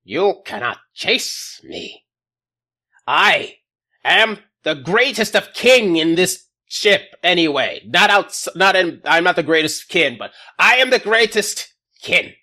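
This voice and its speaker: A man's voice: sits high, big pitch swings, slow, bright, forceful tone, pitched above the performer's own voice, full character voice. A man voicing a boastful male bird-like alien ship captain who stumbles over his grand words.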